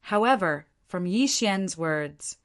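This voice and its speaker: A woman narrating a fantasy audiobook in a steady, even reading. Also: medium pitch, takes it slowly. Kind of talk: scripted narration.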